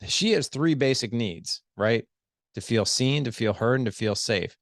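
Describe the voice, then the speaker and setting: A middle-aged man on a podcast as a guest, coaching on marriage skills in a lively conversational way and acting out quoted dialogue. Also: medium pitch, a little slow, no room sound, clean studio sound. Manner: animated, acts out quoted dialogue. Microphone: studio headset.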